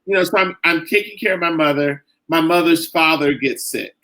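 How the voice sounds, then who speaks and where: A middle-aged man, a caregiver and author, talking earnestly in a podcast interview, halting and full of "you know" and "like". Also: fairly high pitch, pushed and bright, poor audio.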